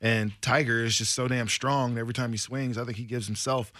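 A man co-hosting sports radio with a bright, clear voice. The sound is dry and close to the mic, and he speaks in an easy, conversational way. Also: medium pitch, fairly even intonation, a little fast, no room sound. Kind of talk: casual sports radio talk.

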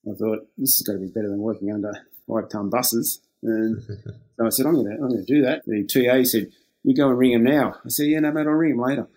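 A man's voice: mid-range voice, quick pace, darkish tone. An older Australian man, a former lifeguard, telling stories in a laid-back way, acting out the quoted exchanges and chuckling often. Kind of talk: casual storytelling.

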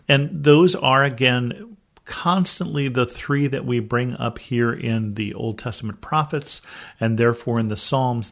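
A man's voice: medium pitch, moderate pace, gravelly, a bit bright. A man from the United States teaching a Bible study podcast, reading scripture aloud and then explaining it earnestly.

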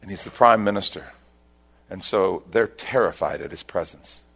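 A man preaching a sermon as pastor, telling a scripture story with emphatic bursts and quieter reflective stretches. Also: sits low, normal speed, vocal fry, husky.

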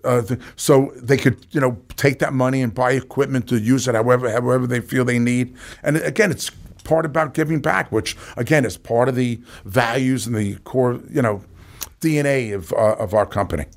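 A man with a thick New York accent, speaking at an average pitch in a loose, chatty interview. He is a business guest who tells lively stories and fills his sentences with "you know" and "uh". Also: normal speed. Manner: animated storyteller, many fillers. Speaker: company executive guest. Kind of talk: casual interview talk.

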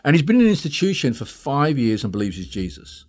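A man's voice: mid-range voice, very animated, fast talker. A man telling a story as a guest therapist in a podcast interview, blunt and straight-talking with plenty of swearing.

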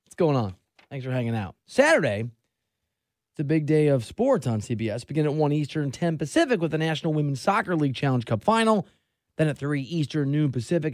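A man's voice: on the high side, darkish tone, no room sound, clean studio sound. A man in his forties hosting a sports radio show, chatty and opinionated in a casual monologue. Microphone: studio microphone.

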